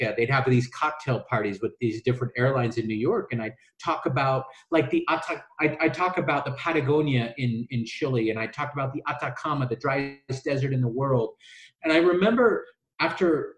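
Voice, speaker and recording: Rambling storyteller man, echoey room. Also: mid-range voice. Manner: rambling, many restarts and "like" fillers; acts out quoted voices in his stories. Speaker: travel business owner telling his story. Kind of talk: casual interview storytelling.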